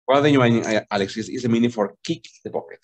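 Husky man, teaching English. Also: medium pitch. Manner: explains slowly, repeats "okay?" and switches into Spanish. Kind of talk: online language lesson. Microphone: video call.

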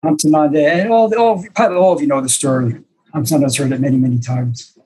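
Older man, senior disciple, husky and slightly high, hesitant storyteller on a video call. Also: steady tone, quick pace, darkish tone, poor audio. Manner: reflective, self-deprecating, hesitant with fillers. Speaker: senior disciple telling stories. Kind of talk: storytelling to a small online group.

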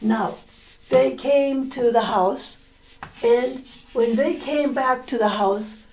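A woman teacher telling a story to language learners, slowly repeating and explaining words, often correcting herself. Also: fairly high pitch, darkish tone, a little hiss or hum.

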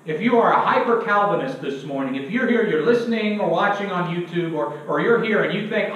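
Young male preacher, emphatic sermon, high voice, self-mocking jokes, heavy church echo, distant dull sound. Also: animated, fast talker, hardly any pauses, fairly bright tone, slight background noise. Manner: emphatic, asks the congregation to fill in words; self-deprecating humor. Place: church sanctuary.

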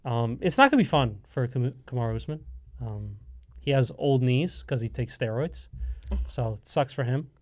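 A man's voice: medium pitch, normal speed. A man co-hosting a college radio sports show, talking in a casual, joking and opinionated way, making firm predictions. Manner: animated, joking, speaks in absolutes. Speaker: co-host.

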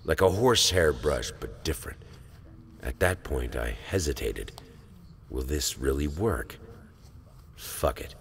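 An actor voicing a brooding male painter who narrates his own descent in a horror game, speaking slowly and gravely with hesitation. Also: rumbling low, very animated, fairly bright tone, slight background noise, heavily acted.

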